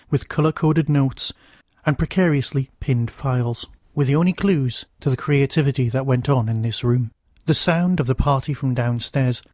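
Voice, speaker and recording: A man, the host of a podcast, narrating a short story in a measured, steady reading. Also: mid-range voice, no echo, clean studio sound.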